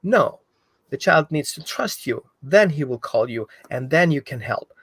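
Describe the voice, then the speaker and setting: A man explaining dog training in an animated way, acting out what the dog thinks. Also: medium pitch, moderate pace, husky, no room sound. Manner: animated, acts out the dog's thoughts. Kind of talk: explanatory talk.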